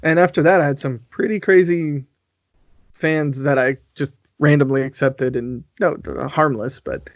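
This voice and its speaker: An American man hosting a podcast in casual chat, chatty and quick to laugh, with many restarts. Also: on the high side, steady tone, no echo, dull audio. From United States. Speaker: podcast host.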